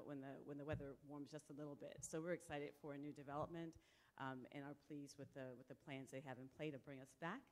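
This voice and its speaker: A woman's voice: sits low, little pitch movement, fast, a little mellow. A woman, director of a nonprofit, giving earnest, direct testimony at a public hearing. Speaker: executive director of a youth nonprofit.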